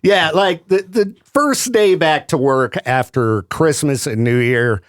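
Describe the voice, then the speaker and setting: A man's voice: a little high, takes it slowly. A male radio host chatting casually with a co-host. He laughs often and sounds easygoing and sympathetic. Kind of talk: casual chat.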